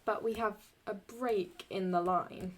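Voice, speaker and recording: A young woman explaining Latin verse in a casual, halting way, often stopping to correct herself as she writes. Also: mid-range voice, fairly even intonation. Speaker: Latin teacher.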